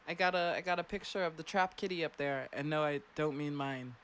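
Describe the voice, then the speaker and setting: A woman's voice: deep voice, little pitch movement, a little fast. A young woman hosting a late-night radio show from a studio, chatty and teasing, laughing often. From Bahamas.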